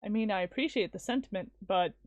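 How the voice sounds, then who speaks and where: A woman streaming a visual novel, reading it aloud with expressive, casual commentary. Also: medium pitch, quick pace, dry recording, highs cut off. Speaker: let's-play streamer.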